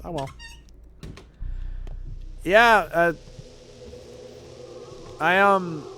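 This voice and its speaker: Male vtuber streamer, casual playthrough commentary, animated, thinks aloud, curses at setbacks, lively pitch. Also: a little hiss or hum. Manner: animated, thinks aloud, swears when frustrated.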